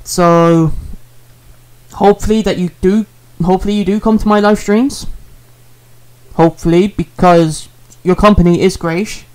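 A man's voice: sits high, steady tone, a little slow, a little mellow, clean tone. Rambling earnest man. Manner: rambling, repetitive, earnest with fillers. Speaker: streamer apologizing to a viewer. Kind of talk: casual apology vlog.

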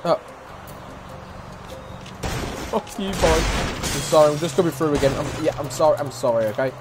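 A man giving excitable, profane let's play commentary as a gaming YouTuber, trash-talking and shouting now and then. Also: fairly high pitch, fast talker. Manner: shouts and whoops suddenly. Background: game music.

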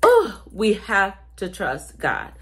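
Slow-talking Southern woman telling a story. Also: medium pitch, wildly swooping pitch, fairly bright tone. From South Carolina, USA. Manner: chatty, talks to viewers as "y'all". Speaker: vlogger. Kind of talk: casual storytelling to viewers.

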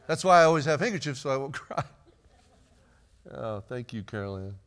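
A man's voice: mid-range voice, lively intonation, brisk, a bit bright. A man preaching a sermon in a church, chatty and joking with the congregation between readings. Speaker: pastor. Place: church sanctuary.

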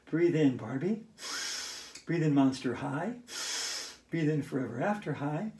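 A woman's voice: sits low, expressive, measured pace, pauses often, mellow, husky. A woman teaching a playful yoga lesson at home, chatty and silly. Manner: silly, chatty, breaks into singing. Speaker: yoga instructor. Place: home hallway.

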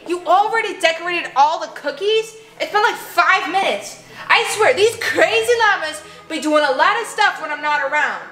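A woman's voice: extremely high pitch, moderate pace, echoey room, soft background music. A young adult woman narrating a playful vlog, talking animatedly to her toy llamas and to viewers. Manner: animated, talks to toys and viewers. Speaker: vlogger playing with toy llamas.

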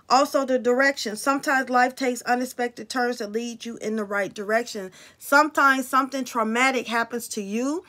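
A woman's voice: sits high, pushed and bright. A woman card reader talking casually and bluntly to her viewers about spirits and signs, swearing freely.

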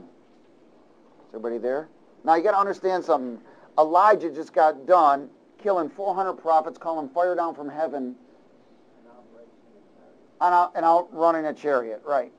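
A male pastor preaching a sermon in a lively, conversational way, often asking the audience questions. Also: mid-range voice, dull audio.

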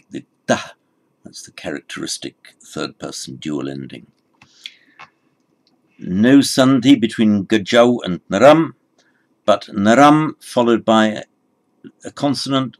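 A man's voice: fairly low pitch, animated, slow pace, long pauses. A man teaching a Sanskrit lesson, explaining patiently and correcting himself as he goes. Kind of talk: recorded language lesson.

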